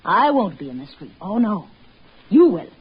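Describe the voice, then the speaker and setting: An actress playing a cruel, scheming wife in a 1940s radio horror drama, taunting and shrill. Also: female voice, very animated, moderate pace, slightly rough. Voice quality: taunting, shrill when frightened. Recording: muffled 1940s radio broadcast with faint hiss.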